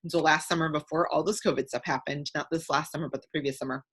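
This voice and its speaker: A middle-aged woman from the Midwest, speaking in a low register as she shares a personal story on a community call. She rambles, fills pauses with ums, and gets emotional as she goes. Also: fairly even intonation, fairly bright tone, slightly rough. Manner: emotional, rambling with many fillers.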